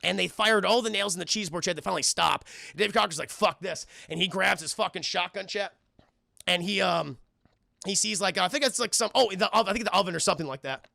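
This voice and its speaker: A man streaming a film review, recapping scenes to his live chat and acting out characters in shouted voices. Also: high-pitched, fairly quick, creaky, no echo, studio quality.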